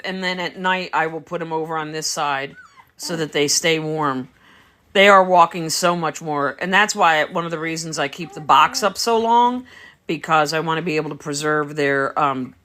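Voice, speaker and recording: A middle-aged woman talks casually on a livestream from her home, bright and forceful in tone with a somewhat low pitch. She explains her puppy-raising methods and answers viewers as she goes. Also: moderate pace. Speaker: dog breeder. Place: home, beside a whelping box.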